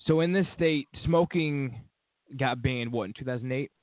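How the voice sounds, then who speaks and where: A man's voice: mid-range voice, moderate pace, dry recording. Brief: blunt, profane male radio host, tinny lo-fi sound, dry. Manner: blunt, profane, reads call-in details. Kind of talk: casual talk radio banter.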